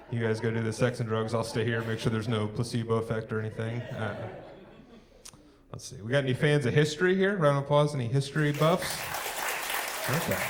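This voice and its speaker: A young man doing a live stand-up set on a theatre stage, working the crowd with dry one-liners and pausing for laughs. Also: medium pitch. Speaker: stand-up comedian. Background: crowd laughing and clapping.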